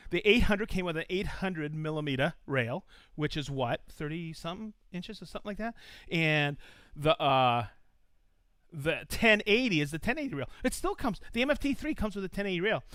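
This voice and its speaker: A man hosting a live tool demonstration stream in casual chat, excitable and whooping. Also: on the high side, moderate pace, dry recording. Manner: excitable, reads out viewer shout-outs with whoops.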